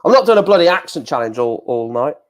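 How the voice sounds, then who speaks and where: A young man with a fairly high voice that swings widely in pitch talks fast while streaming a football watchalong. Seated at a desk microphone, he rambles, jokes, and pokes fun at himself as he commentates live.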